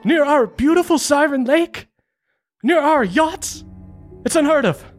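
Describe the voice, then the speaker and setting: A woman's voice: high voice, lively intonation, unhurried, faint music behind, voice pushed up. A woman voicing a pompous rich nobleman giving a grand, showy speech. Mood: grandiose.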